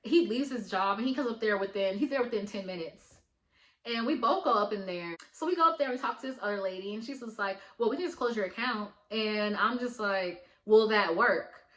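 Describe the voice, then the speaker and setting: A young woman tells a storytime for her vlog, chatty and animated, dropping slang and the odd curse. Her voice sits at a middling pitch. It rings a little in an echoey room. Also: brisk. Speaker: vlogger.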